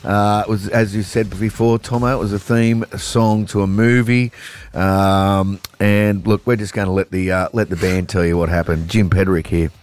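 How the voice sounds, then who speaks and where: A man's voice: fairly low pitch, level tone, normal speed, a little mellow, a little hiss or hum. A man hosting a radio show, bantering in a jokey, playful way. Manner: jokey, playful, chuckles between lines. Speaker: radio host.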